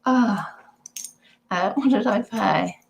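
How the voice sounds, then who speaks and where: A woman's voice: medium pitch, takes it slowly, creaky, highs cut off. A woman vlogger chatting casually and rambling about her resale items, with giggly asides. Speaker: eBay reseller vlogger. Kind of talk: casual chat to viewers.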